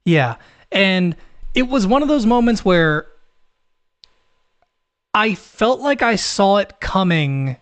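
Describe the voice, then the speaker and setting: A young man co-hosts a casual movie review podcast in a fairly high voice. He talks animatedly, swears freely and jumps into acted-out lines from the film. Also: slow pace, long pauses. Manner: animated, swears, acts out quotes. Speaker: podcast co-host.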